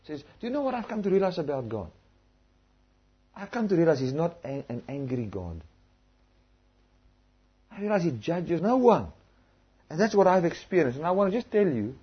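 A man preaching a sermon, telling stories and acting out his conversations with strangers. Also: fairly high pitch. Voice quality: very husky voice. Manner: animated storytelling, acting out conversations. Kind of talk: sermon on evangelism. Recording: dull lo-fi recording.

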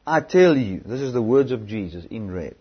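Husky-voiced man preaching a sermon. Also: fairly low pitch, big pitch swings, normal speed. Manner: rising to loud, emphatic preaching, then dropping to quiet scripture reading. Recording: dull, lo-fi recording.

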